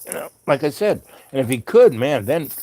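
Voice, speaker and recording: A man's voice: mid-range voice, big pitch swings, normal speed, warm tone. Rambling man telling a story. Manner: loose, meandering, full of "you know" asides. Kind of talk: rambling personal anecdote.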